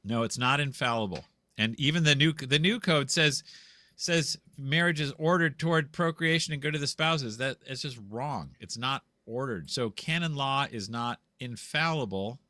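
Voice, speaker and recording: A man's voice: medium pitch, moderate pace, pushed and bright, no room sound. A man on a video call from home, explaining church law in a casual, rambling way, full of restarts and repeated words. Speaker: guest explaining canon law. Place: home room with a green screen.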